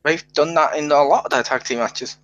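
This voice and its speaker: A man's voice: fairly high pitch, a little fast, a bit bright, dull audio. A man co-hosting a casual podcast, giving blunt, joking opinions on wrestling matches. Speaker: podcast co-host.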